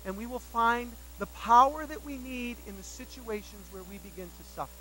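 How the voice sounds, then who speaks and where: A man delivers a sermon in a high, bright and sharp voice. He leans on repetition to drive points home. He slips into animated, self-mocking storytelling. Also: normal speed, a little hiss or hum, poor audio. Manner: emphatic, repeats key phrases for weight. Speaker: pastor.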